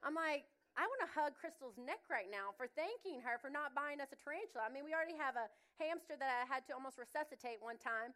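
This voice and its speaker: A woman's voice: high-pitched, fast, few pauses. Chatty Southern woman preaching with humor. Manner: chatty, humorous, expressive storytelling. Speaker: guest speaker. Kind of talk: sermon with personal stories.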